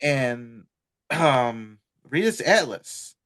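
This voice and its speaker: Male podcast co-host, unhurried delivery, animated pitch. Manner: slow, drawn-out reading with laughs. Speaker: podcast co-host reading event listings. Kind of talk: casual podcast chat.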